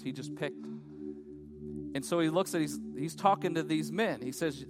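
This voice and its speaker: A man in his thirties, a pastor preaching a sermon, swinging between loud urgent stretches and hushed ones. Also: medium pitch, normal speed. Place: church auditorium. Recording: long reverb of a church hall with music.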